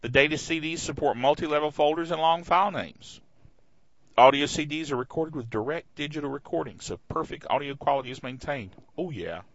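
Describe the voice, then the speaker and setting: A middle-aged man hosts a casual tech show with a bright, clear voice, enthusiastic and full of jokey asides. The recording is dry and slightly dull, like a lo-fi home setup. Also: on the high side, brisk, no room sound. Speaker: tech podcast host.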